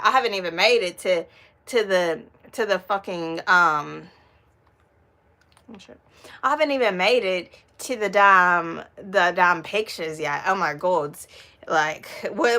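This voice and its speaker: A woman's voice: mid-range voice, pushed and bright. A young adult woman chatting casually on a live stream, rambling, swearing freely and laughing often. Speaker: vlogger.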